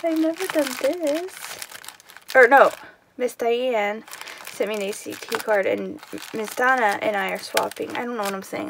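A woman craft vlogger opening mail in a casual unboxing chat, gushing and excitable, with gasps and whispered asides. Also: on the high side, normal speed, very noisy.

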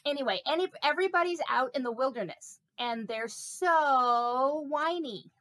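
A woman's voice: high-pitched, lively intonation, moderate pace, bright, forceful tone, no room sound. A woman voicing a vain, chatty, silly snake puppet in a children's sermon, talking playfully with rambling asides. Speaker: pastor.

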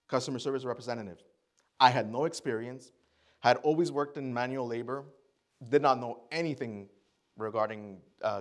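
A man giving a personal testimony sermon to a church congregation. He talks conversationally and acts out his own thoughts and other people's lines. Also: mid-range voice. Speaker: guest speaker at church.

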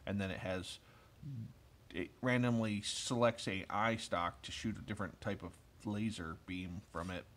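Chatty low-voiced man in his thirties. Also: steady tone, normal speed, a bit bright. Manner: chatty and enthusiastic, with many fillers and asides. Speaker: card collector opening packs. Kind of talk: casual rambling commentary while opening cards.

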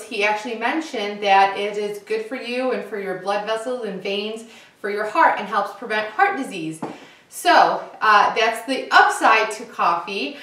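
A young woman hosting a casual cooking demonstration, chatting in a relaxed way with lots of "uh" and "um" fillers. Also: fairly high pitch, roomy sound. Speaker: cooking show host.

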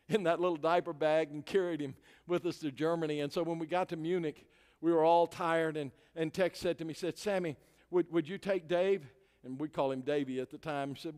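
High-voiced older preacher in a reverberant hall. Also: male voice. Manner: animated, rising to shouts at climaxes. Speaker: guest preacher. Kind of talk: sermon storytelling. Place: church sanctuary. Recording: long reverb of a large hall.

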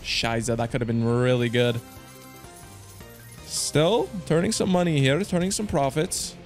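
A man hosting his own channel, commenting excitedly to viewers with slang, swearing and loud outbursts. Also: medium pitch, unhurried, soft background music. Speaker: slots streamer host.

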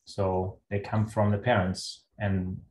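A man with a German accent, a guest lecturer answering questions in a webinar in a measured, explanatory way. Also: fairly low pitch, little pitch movement, darkish tone. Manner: measured, explanatory, thinks aloud. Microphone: video call. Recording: echoey room with faint noise.

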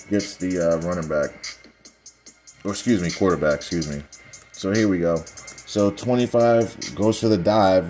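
A young man casually breaking down football highlights for viewers, analytical and sarcastic, talking straight to the audience. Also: darkish tone. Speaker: football video commentator.

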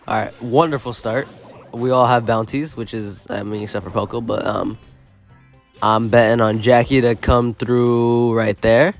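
A man giving live gameplay commentary, excitable and self-mocking, often yelling in bursts, his voice going hoarse. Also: fairly low pitch. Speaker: gaming YouTuber.

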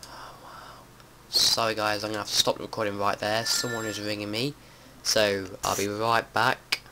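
A man giving casual let's-play commentary, chatty and prone to swearing and panicked yelling. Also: fairly low pitch, little pitch movement, moderate pace. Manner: chatty, swears a lot, panics and yells when startled. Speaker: gameplay commentator. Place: home room with window open. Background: faint outdoor noise and keyboard typing.

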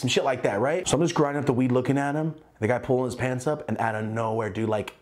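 A man telling a casual storytime vlog about his clothing brand, profane and animated, acting out quotes in loud high voices. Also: quick pace, few pauses. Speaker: clothing brand owner and YouTuber.

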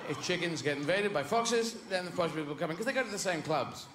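An English male comedian performing live on stage, his voice higher than most and swinging widely in pitch as he jumps between voices. The sound carries the boom of a large theatre, with a faint hum behind it. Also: fast talker. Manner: animated, full of voices and barking noises. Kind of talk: live stand-up routine. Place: theatre stage before an audience. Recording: echoey live theatre recording with audience.

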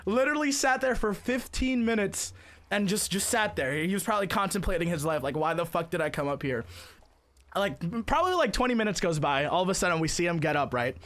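A man streamer telling a funny story in a casual, rambling way, full of filler words and swearing, getting loud and excited at the big moments. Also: high voice, fast talker.

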